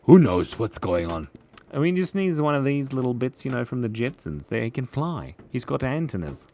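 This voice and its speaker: A man's voice: medium pitch, big pitch swings, moderate pace, dark tone. An Australian man hosting a drawing stream, chatting and cracking silly puns as he draws. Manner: jokey, punning. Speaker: drawing channel host. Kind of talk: live-stream chat while drawing.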